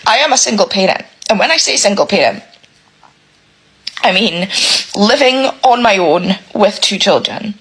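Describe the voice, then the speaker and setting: In a poor-quality clip, a single mother rants emotionally to the camera about her struggles, near tears and swearing constantly. Her medium-pitched voice is fairly bright and slightly rough, with lively intonation, a moderate pace and frequent pauses. Exasperated, she keeps repeating herself.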